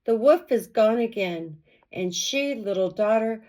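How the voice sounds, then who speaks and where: A woman reading folk tales aloud to her audience. Her voice sits a little high, and she takes an unhurried, expressive pace, leaning into the rhythm of the story. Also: rough recording. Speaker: storyteller and channel host.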